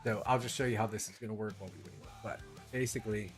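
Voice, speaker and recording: A man's voice: lowish voice, fairly even intonation, fast talker, soft background music. A man hosting a live stream in casual talk, rambling and restarting his sentences often. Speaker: streamer host.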